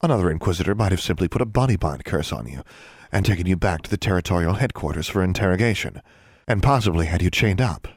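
A man voicing a stern, icy older female witch inquisitor, calm and clipped, in a dry, close recording. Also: low voice, fast talker, breathy edge, no room sound, full character voice. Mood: lecturing. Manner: cold, clipped, calmly threatening. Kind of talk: audiobook character reading.

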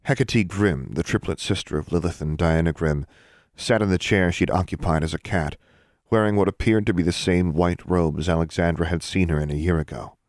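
A man narrating a fantasy novel in an even storytelling manner, close to the mic. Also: low-pitched, moderate pace, no room sound. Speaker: audiobook narrator. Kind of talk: scripted narration.

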